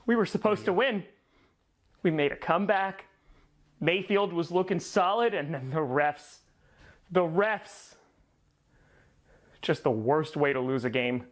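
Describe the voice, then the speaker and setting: A man playing grown male football fans who trade mocking insults in a comedy sketch. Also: sits high. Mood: sulking. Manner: taunting, mocking banter.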